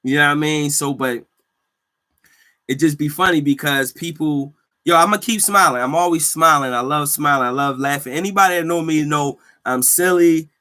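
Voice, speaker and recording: Bright-voiced man ranting on a podcast. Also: fairly high pitch, moderate pace. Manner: animated, laughing, slangy storytelling. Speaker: podcast host; healthcare worker. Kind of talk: casual solo podcast rant.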